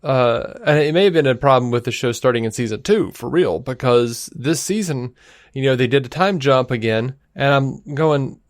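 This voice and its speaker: A man co-hosting a podcast, arguing his point in an animated, casual way and swearing now and then. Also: mid-range voice, moderate pace, dry recording, studio quality. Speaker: podcast co-host. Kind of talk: casual debate.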